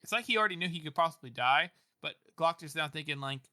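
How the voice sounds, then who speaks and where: A man's voice: a little high, animated, fast talker, pushed and bright, no room sound, clean studio sound. A man co-hosting a podcast, talking in a loose, rambling way full of "like" and "you know" and frequent laughter. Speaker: podcast co-host. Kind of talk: casual book discussion chat.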